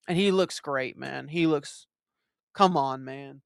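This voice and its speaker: A man talks over a film in a casual commentary, animated and profane as he retells his own reactions. His voice sits a little high and sounds smooth and clear. The sound is dry, with no room echo. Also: normal speed, pauses often. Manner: excitable, profane, animated storytelling. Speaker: movie commentary host.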